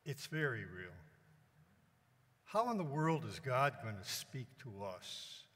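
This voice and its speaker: A priest leading a gentle guided meditation during a homily, pausing often between phrases. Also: male voice, medium pitch, very animated. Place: church. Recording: long church reverb.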